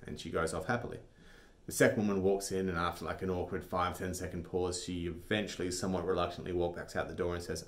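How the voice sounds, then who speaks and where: A man's voice: low voice, level tone, fast talker. A man vlogging, telling a joke and then giving a blunt, argumentative opinion monologue.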